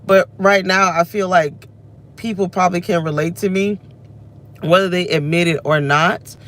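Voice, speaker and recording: Speaking at a moderate pace with a lowish voice and steady tone, a woman in her thirties vents on camera from the driver's seat. The vlogger's emotional rant wanders as she reflects on herself aloud.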